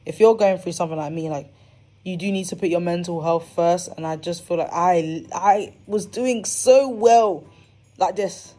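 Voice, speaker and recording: A woman's voice: on the low side, steady tone, brisk, mellow, faint music behind. A young woman hosting a podcast, talking candidly and animatedly in a casual monologue with slangy, dramatic asides. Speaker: podcast host.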